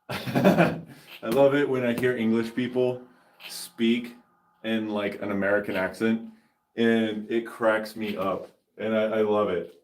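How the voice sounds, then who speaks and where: A man's voice: lowish voice, fairly even intonation, unhurried, roomy sound. A man hosting a fitness channel, chatting casually and laid-back with viewers during a workout.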